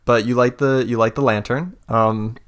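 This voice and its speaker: A man narrating as game master of a tabletop game, halting and full of fillers. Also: medium pitch, fairly even intonation, fairly bright tone, smooth.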